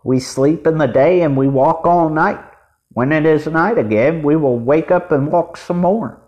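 A man reads as a caring older sister who plans for the others. Her lines are gentle, practical and slow, a little high. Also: muffled recording, close to an everyday voice.

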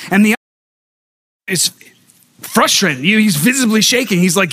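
A male pastor preaching from a stage microphone in a church sanctuary, his voice sitting high for a man. He keeps it conversational, putting questions to the congregation and talking with them rather than at them. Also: a little fast, pauses often, a bit bright. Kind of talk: sermon.

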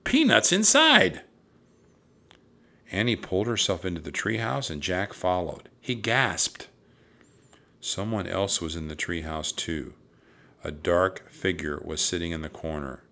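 A man narrating a children's storybook aloud in a steady, even storytelling voice. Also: sits low, a little slow, gravelly.

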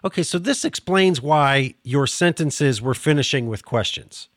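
A man's voice: medium pitch, expressive, unhurried, no room sound, studio quality. A man from the Pittsburgh area with a Pittsburgh accent, hosting a casual interview. He laughs often and keeps restarting his sentences. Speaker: podcast host.

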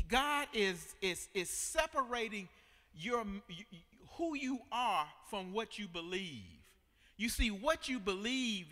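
A man's voice: high-pitched, sharp tone, big-room sound. A man preaching a sermon as pastor, with emphatic repetition and call-and-response with the congregation.

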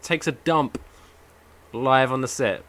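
A man co-hosting a podcast in casual chat, animated storytelling with free swearing. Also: mid-range voice, takes it slowly. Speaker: podcast co-host.

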